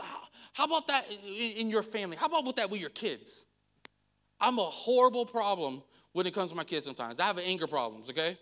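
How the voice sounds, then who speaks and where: Bright high-voiced male pastor preaching. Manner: candid, self-deprecating, laughs at himself; storytelling with animated vocal swings. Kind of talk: sermon.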